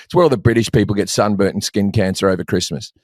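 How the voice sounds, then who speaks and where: A man's voice: fairly low pitch, quick pace, a little mellow, dry recording, clean studio sound. A man in his forties with an Australian accent, a comedian rambling through stories in casual chat and swearing freely. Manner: profane, storytelling, rambling. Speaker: comedian guest.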